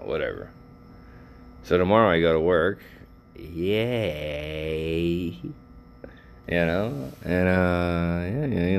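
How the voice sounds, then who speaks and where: This is a low-pitched, gravelly older man vlogging casually, rambling on with plenty of profanity and filler words. Slight background noise is audible.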